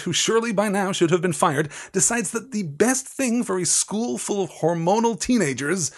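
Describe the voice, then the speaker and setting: A man's voice: sits high, normal speed, few pauses. Enthusiastic male literature lecturer. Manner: animated, enthusiastic, digressive and analytical. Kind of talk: literary lecture with slides and read-aloud passages.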